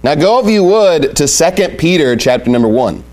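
A man's voice: a little high, sing-song, moderate pace, a little mellow, faint music behind. A man preaching a sermon, emphatic and repeating his key points as he reads scripture aloud. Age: adult with young family.

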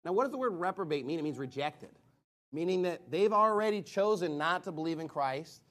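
A man with a notably high voice preaching a fiery sermon. He reads scripture aloud with force, asks rhetorical questions and breaks into shouted lines. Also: expressive, a little fast.

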